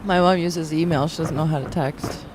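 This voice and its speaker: A woman's voice: sits low, fairly even intonation, normal speed, heavy background noise. A middle-aged woman co-hosting a casual chat, talking freely and laughing often. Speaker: co-host.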